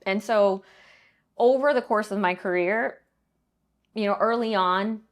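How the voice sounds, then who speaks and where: A middle-aged woman answering interview questions in a measured, explanatory way, often pausing to check in with "right?". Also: medium pitch. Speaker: guest, banking leader and professor.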